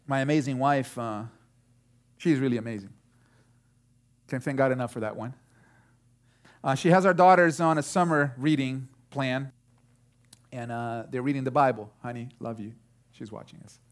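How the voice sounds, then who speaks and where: Animated man preaching a sermon. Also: medium pitch, moderate pace, pauses often. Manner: storytelling, animated, with many fillers and restarts. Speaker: pastor.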